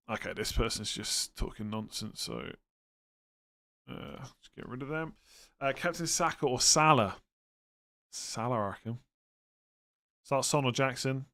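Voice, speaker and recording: A man's voice: medium pitch, creaky. A man hosting a live stream, chatting casually and thinking aloud as he answers viewers' questions. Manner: relaxed, thinks aloud with fillers and quick verdicts. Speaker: livestream host answering fantasy football questions.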